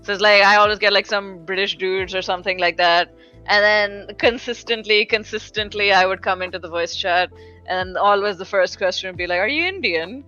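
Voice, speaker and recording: A woman's voice: medium pitch, little pitch movement, brisk, pushed and bright, lo-fi sound, faint music behind. A woman with a slight foreign accent, chatting casually as a podcast guest and rambling with lots of "like"s. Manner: rambling, filler-heavy, frequent "like". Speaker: podcast guest, fighting game commentator. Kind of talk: casual chat.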